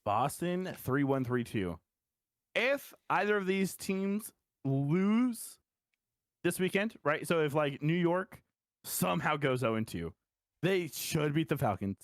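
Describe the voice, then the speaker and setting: A man's voice: a little high, expressive, slow, no room sound, clean studio sound. A young man co-hosting a casual esports podcast, tired and giggly, teasing his co-host and swearing casually. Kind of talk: casual chat.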